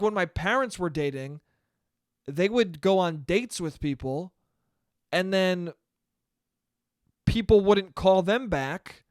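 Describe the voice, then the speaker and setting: Rambling, profane young man, high voice. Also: no echo, clean studio sound. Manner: rambling, profane, self-interrupting, laughs often. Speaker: podcast host. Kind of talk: casual solo podcast monologue.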